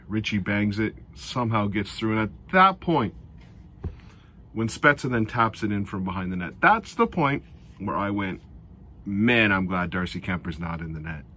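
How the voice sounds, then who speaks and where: A man's voice: fairly low pitch, a bit bright, a little hiss or hum. Exasperated, sarcastic man recapping hockey. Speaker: hockey fan commentator. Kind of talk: casual game recap.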